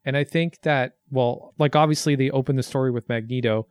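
A man's voice: medium pitch, steady tone, fairly quick, clear, resonant tone, dry recording, clean studio sound. Easygoing man swearing casually. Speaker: movie watch-along co-host. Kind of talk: casual chat.

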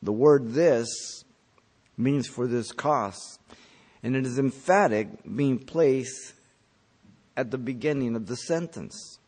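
A man preaching a verse-by-verse sermon, explaining the text in an emphatic teaching manner, with his pitch lifting sharply on key words and then falling. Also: slow pace, darkish tone. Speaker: pastor. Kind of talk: expository sermon.

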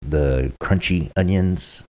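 A man co-hosting a casual chat, talking in a relaxed, rambling way and repeating himself. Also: sits low, takes it slowly. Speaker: co-host.

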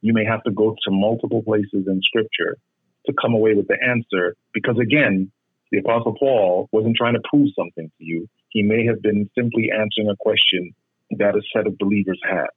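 A man's voice: on the low side, fairly even intonation, slightly rough, dry recording. Man teaching Bible study over a phone line. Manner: measured, explanatory, repeats words when correcting. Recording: muffled phone-line sound.

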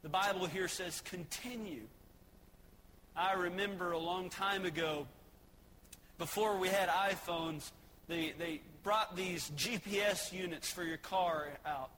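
A man's voice: high-pitched, steady tone, unhurried, pushed and bright, in a large hall, slight background noise, rough recording. A man preaching a sermon as pastor, folksy and joking as he tells stories between points. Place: church sanctuary.

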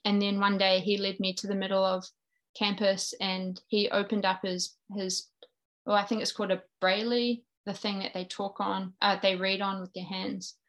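A woman's voice: medium pitch, level tone, normal speed, a bit bright. A woman in her thirties from New Zealand, with a New Zealand accent, earnestly sharing her personal faith story as an interview guest. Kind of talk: personal faith testimony in conversation.

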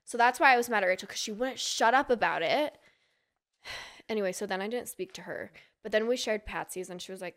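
A woman's voice: medium pitch, brisk, a bit bright. A woman from Utah, a podcast guest, telling a long gossipy story in casual chat and acting out the people she quotes.

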